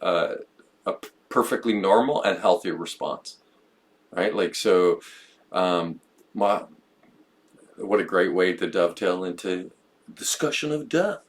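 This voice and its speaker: A man's voice: low-pitched, expressive, a little slow, pauses often. A man talking reflectively on a podcast, thinking aloud and often repeating words as he goes. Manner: musing, stumbles and repeats words. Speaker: podcast co-host. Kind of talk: reflective conversational podcast talk.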